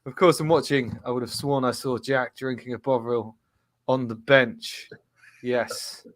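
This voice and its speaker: A man's voice: medium pitch, steady tone, a little slow, dry recording, studio quality. A man hosting a casual live-streamed football show, chatty, reading out viewers' comments and laughing often. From England. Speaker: host.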